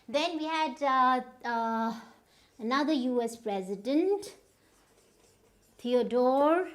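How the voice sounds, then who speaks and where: A woman with an Indian English accent explains how to say words in an informal lesson. Her voice sits a little high. She talks at an easy pace and often stops to check that her listeners are following. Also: expressive. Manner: unhurried, stops often to check understanding with "right?". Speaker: pronunciation teacher.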